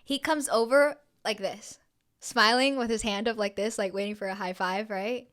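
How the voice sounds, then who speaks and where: A woman's voice: mid-range voice, steady tone, moderate pace, a bit bright. A young woman co-hosting a podcast, telling a story in a casual chat. She swears freely and acts out the lines of the people in it. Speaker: podcast co-host.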